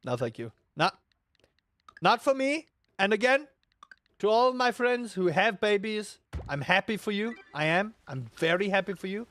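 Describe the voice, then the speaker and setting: A man streaming a game, telling rambling, animated stories with sudden loud outbursts. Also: high-pitched, unhurried. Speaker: gaming streamer. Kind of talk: casual stream chat while playing.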